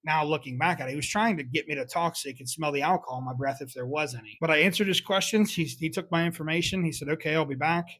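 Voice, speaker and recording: A man's voice: a little high, fast talker, few pauses, bright, forceful tone, dry recording. A young man, hosting a podcast and candidly telling a personal story, swearing often and reflecting on his choices. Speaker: podcast host. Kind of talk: confessional solo storytelling.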